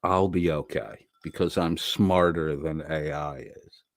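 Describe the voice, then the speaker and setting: Middle-aged guy with a real low voice, rambling, swears a lot, dry close sound. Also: steady tone, unhurried, dry recording. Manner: profane, rambling, sardonic. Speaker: livestream host reading chat. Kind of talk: unscripted monologue, casual chat.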